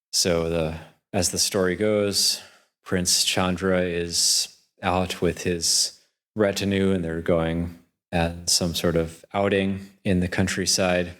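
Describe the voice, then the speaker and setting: A man, a monk, telling a story in a Dhamma talk in an unhurried, conversational way. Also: low-pitched, fairly bright tone. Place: monastery hall.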